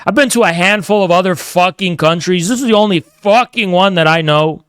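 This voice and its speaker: A man's voice: high-pitched, fairly quick, fairly bright tone, clear, resonant tone, dry recording, clean studio sound. A man streaming a heated, profane, combative rant. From United States.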